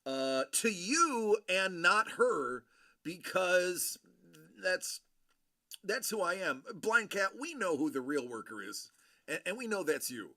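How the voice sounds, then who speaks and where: A man hosting a livestream, greeting viewers by name and rambling through his thoughts with plenty of fillers. His voice is bright and slightly high, with a lively, bouncing pitch at an unhurried pace. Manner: rambling and friendly, with many fillers and shout-outs. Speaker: livestream host. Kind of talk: casual chat with viewers.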